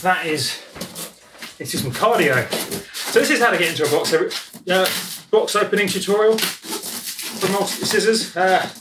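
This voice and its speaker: An excitable voice rambles and jokes through an unboxing at home, picked up by a camera mic set well back from the speaker. The room rings with echo, and a steady hiss of noise sits under the voice. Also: mid-range voice. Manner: excitable, jokey, rambling, talks while handling things. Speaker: music producer and YouTuber. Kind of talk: casual unboxing vlog. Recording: echoey room, distant mic, noisy.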